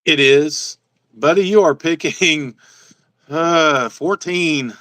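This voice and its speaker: A man's voice: fairly high pitch, slow, fairly bright tone, no echo, low-quality recording. A laid-back man chatting on a livestream from home, laughing easily and reading out names from the chat. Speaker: guest and fellow collector.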